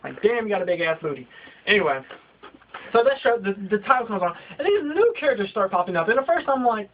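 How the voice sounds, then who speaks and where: A young man with a notably high voice rants at the camera, swearing freely and piling on exaggerated jabs. The sound is dull and lo-fi, like cheap home video audio. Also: big pitch swings, fast talker. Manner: profane, ranting, exaggerated. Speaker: vlogger. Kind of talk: comedic rant vlog.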